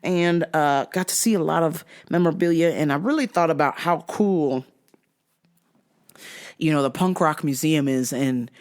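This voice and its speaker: A woman's voice: deep voice, normal speed. A woman hosting a podcast, telling a casual story monologue full of swearing, with mimicked sounds and quoted outbursts. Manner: profane, animated, mimics sounds. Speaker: podcast host.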